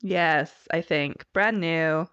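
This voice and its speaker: A woman co-hosting a podcast in casual chat, chatty and quick to laugh. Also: low-pitched, fairly bright tone, clean tone, dry recording. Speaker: podcast co-host. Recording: dull, lo-fi dry recording.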